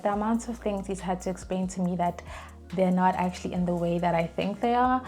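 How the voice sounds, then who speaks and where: A young adult woman vlogging in a casual storytelling way, chatty and animated, with plenty of fillers and restarts as she acts out the phrases she quotes. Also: on the low side, a little fast, soft background music.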